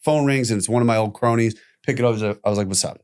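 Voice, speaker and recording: A man guest on an interview podcast, recounting his past in a lively, profane storytelling manner. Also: mid-range voice, fast, clear, resonant tone. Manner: animated retelling with profanity, acting out quoted voices.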